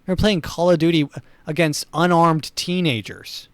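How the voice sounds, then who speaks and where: A man's voice: on the high side, moderate pace, dry recording. Sardonic rambling male podcast host. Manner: sardonic, rambling, dark humor, chuckles at his own jokes. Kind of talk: comedic monologue.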